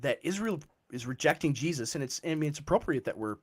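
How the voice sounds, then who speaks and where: Animated man explaining scripture. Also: fairly high pitch, quick pace, breathy edge. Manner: animated, explains with frequent "right?" checks. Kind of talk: casual theological discussion.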